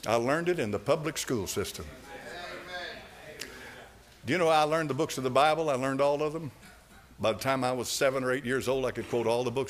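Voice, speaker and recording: A man preaching a sermon as pastor, fiery and dramatic, swinging between loud cries and low asides, with chuckles along the way. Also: a little hiss or hum.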